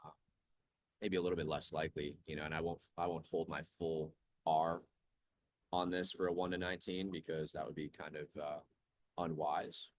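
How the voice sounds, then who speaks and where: Young male stream host, deep voice, chill and chatty, dry close mic. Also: level tone, normal speed, no room sound. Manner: laid-back, chatty, reads chat aloud. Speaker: trading livestream host. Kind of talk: casual live-stream commentary.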